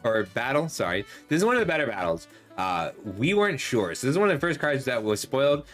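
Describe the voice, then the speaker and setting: A man talks through a card set review in a lively, up-and-down voice, chatty and analytic, catching and fixing his own phrasing as he goes. His voice is a little worn from talking, and faint music plays underneath. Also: mid-range voice. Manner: chatty and analytic, with frequent ums and self-corrections. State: slightly losing his voice. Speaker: host reviewing game cards.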